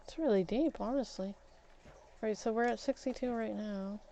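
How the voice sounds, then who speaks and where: A woman's voice: on the high side, normal speed, warm tone, lo-fi sound, a little hiss or hum. A woman gaming streamer chatting casually while she plays, rambling and candid with mild swearing. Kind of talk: casual chat while playing a game.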